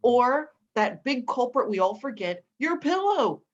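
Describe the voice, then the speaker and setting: A woman guest on a video call, telling animated, persuasive stories as an entrepreneur. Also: fairly high pitch, a little slow, highs cut off. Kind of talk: interview storytelling.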